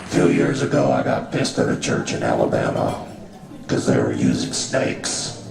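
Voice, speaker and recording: Heavily acted and gravelly, this bass-voiced comedian swings his pitch widely at a moderate pace while playing a crude, callous male god who ridicules his followers. His in-character stand-up is mocking and swaggering. It's captured from a distance in a roomy live venue where the audience can be heard.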